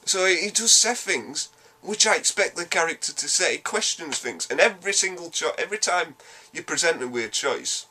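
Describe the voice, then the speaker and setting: This Yorkshire man's slightly high voice rattles off a casual spoken game review. He's animated, blunt and sweary, rambling quickly through his points.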